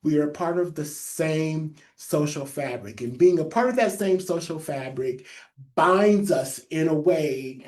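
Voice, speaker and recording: A public health trainer with a lisp giving a webinar presentation, stressing and repeating key phrases for note-takers. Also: male voice, fairly high pitch, animated, unhurried, a little mellow.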